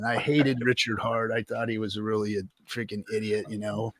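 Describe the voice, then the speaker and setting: A man's voice: on the low side, steady tone, normal speed, fairly bright tone, dry recording. A man guest telling his story in a casual, rambling and profane way, full of fillers and restarts.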